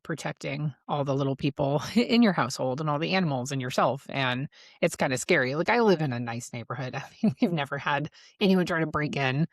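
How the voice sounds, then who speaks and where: A woman's voice: low-pitched, dry recording, clean studio sound. A woman in her thirties hosting a podcast, telling her own story in candid casual chat, laughing often and swearing freely. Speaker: podcast host.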